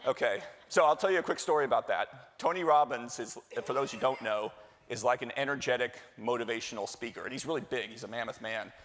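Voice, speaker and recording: A man's voice: medium pitch, fast talker, fairly bright tone. A middle-aged man giving a chatty live conference welcome, joking and quizzing the audience. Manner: jokey, chatty, works the crowd with questions. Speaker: executive director giving opening remarks. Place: large hall with live audience. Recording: long hall reverb.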